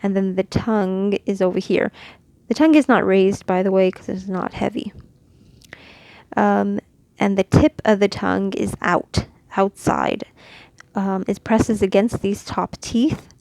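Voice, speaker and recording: A woman from Mexico teaching letters and their sounds in a casual, patient lesson, demonstrating each sound slowly. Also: mid-range voice, fairly even intonation, vocal fry, a little mellow, no room sound. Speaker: Quran reading teacher.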